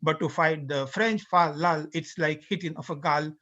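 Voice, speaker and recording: A boastful, uneducated old-time sailor spins his tale, as a man recites him in a slow, half-sung lilt. The voice sits high. The sound is dull and lo-fi. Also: steady tone, fairly bright tone, close to an everyday voice. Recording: dull lo-fi recording.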